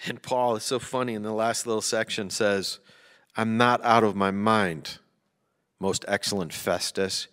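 A man's voice: lowish voice, a bit bright. A man preaching a sermon, chatty and joking at times, then reading poetry with emphasis. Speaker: pastor. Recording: long hall reverb.

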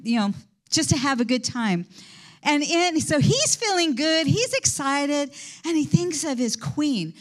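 A woman preacher giving a sermon, conversational and animated as she retells a story. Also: high-pitched.

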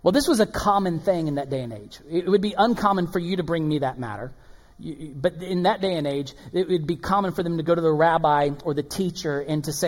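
A man preaching a sermon as pastor, animated and swinging between loud emphasis and hushed asides. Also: a little high, brisk. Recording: long hall reverb.

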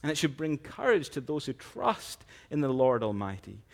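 A man preaching a sermon, earnest and measured, slowing down to stress key phrases. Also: medium pitch, big pitch swings, vocal fry. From Scotland.

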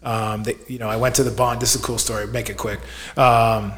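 A man's voice: mid-range voice, little pitch movement, brisk, fairly bright tone. A man chatting casually as a podcast guest, telling a long story in a loose, rambling way with plenty of filler words. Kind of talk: casual chat. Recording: roomy echo.

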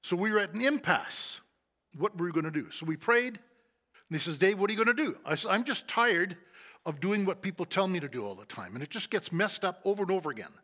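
A middle-aged man telling his story in a sermon, acting out conversations and often dropping to a soft, low voice. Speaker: church leader giving testimony. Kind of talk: sermon testimony.

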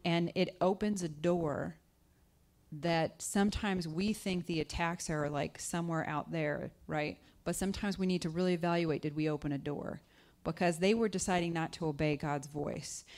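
The guest speaker is a woman whose slightly mellow voice moves at normal speed with fairly even intonation. Preaching conversationally, she asks her audience questions and dramatizes scripture voices through jumps in pitch.

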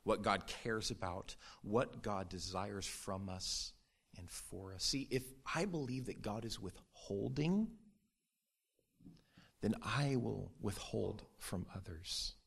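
A man's voice: fairly low pitch, animated, takes it slowly, creaky, a bit bright, husky. A man preaching a sermon in an earnest, conversational way, with sudden rises for emphasis. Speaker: pastor.

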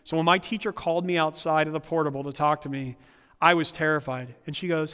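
High-voiced man preaching in a reverberant hall. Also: steady tone, fast, fairly bright tone, clear, resonant tone. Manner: earnest preaching with humorous personal stories. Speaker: pastor. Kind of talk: sermon.

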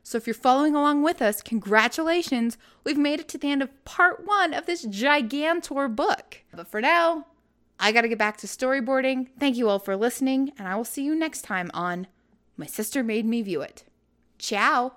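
A woman's voice: high-pitched, lively intonation, normal speed, fairly bright tone. A woman hosting a podcast, talking casually and playfully as she wraps up an episode. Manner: playful, retells jokes with quoted voices. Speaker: podcast host.

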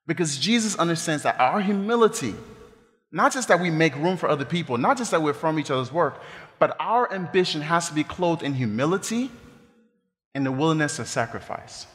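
A pastor preaching a sermon, animated and joking in asides as he speaks. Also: fairly high pitch, brisk, long reverb tail.

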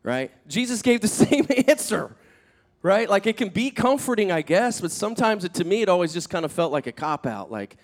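A man preaching a sermon as pastor, animated and conversational, acting out quoted speakers, swinging between loud emphatic peaks and soft, hushed asides. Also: high-pitched, a little fast, hardly any pauses. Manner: conversational, with fillers and restarts.

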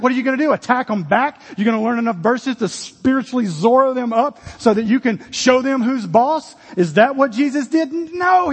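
A man's voice: extremely high pitch, breathy edge, in a large hall. A man preaching a sermon as pastor, earnest and direct, with sudden emphatic exclamations.

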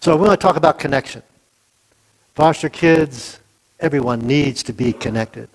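A man's voice: medium pitch, moderate pace, slightly rough, poor audio. Conversational male pastor preaching a sermon. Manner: conversational, asks the congregation questions, acts out quotes.

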